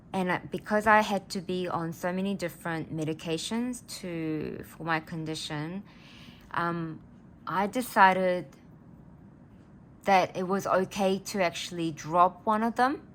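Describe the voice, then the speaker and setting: A woman's voice: lowish voice, a bit bright, slight background noise. A woman, telling a personal story in a casual vlog, earnest and rambling as she gets emotional. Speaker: vlogger.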